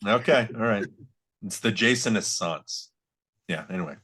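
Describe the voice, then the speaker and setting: A man's voice: lowish voice, moderate pace, fairly bright tone, husky. A man co-hosting a podcast, teasing and correcting his co-host in casual chat.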